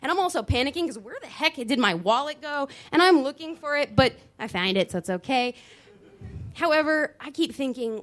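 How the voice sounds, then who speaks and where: Animated woman telling a story on stage. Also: high voice. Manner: animated, dramatic pauses and voice shifts. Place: dance studio venue, live show.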